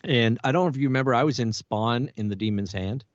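A man's voice: mid-range voice, no room sound. A middle-aged man, a voice actor, chatting casually and animatedly in an interview. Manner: animated, chatty, quick to laugh. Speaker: voice actor guest. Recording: dull, muffled audio.

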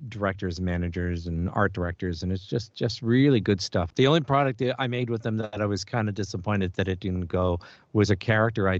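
A man's voice: sits low, no echo. A middle-aged man, a voice actor, chatting casually and animatedly in an interview. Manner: animated, chatty, quick to laugh. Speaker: voice actor guest. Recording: dull, muffled audio.

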